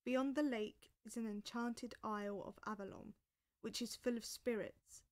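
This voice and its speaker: A woman voicing a wise old male wizard in a storybook reading, speaking quietly and measured. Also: fairly high pitch, steady tone, natural voice. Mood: guiding.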